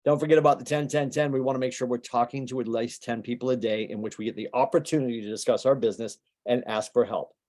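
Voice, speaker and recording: A male business coach gives a motivational training talk in a relaxed, mellow voice. He talks casually and keeps firing rhetorical questions at his listeners. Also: mid-range voice. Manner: conversational, rapid-fire rhetorical questions.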